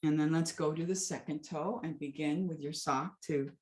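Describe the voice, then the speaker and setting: A woman teaching a gentle foot exercise, weaving a story into soothing, calm instructions. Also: deep voice, moderate pace, reverberant. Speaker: movement teacher.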